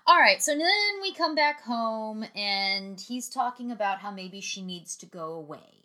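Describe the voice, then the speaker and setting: A woman's voice: mid-range voice, lively intonation, a little slow, bright, forceful tone. A woman co-hosting a casual movie recap podcast, giving dry, wry asides between plot summaries. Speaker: podcast co-host.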